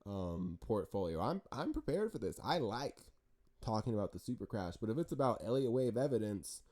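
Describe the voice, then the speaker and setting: A man giving casual market commentary over charts, animated and talkative, with frequent restarts and jokes. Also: fairly low pitch, normal speed. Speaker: stock market chart analyst.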